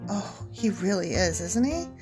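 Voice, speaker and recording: A woman's voice: mid-range voice, sing-song, a little slow, music in the background. A woman co-hosting a podcast, chatting casually with playful, giggly banter. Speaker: podcast co-host. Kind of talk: casual chat.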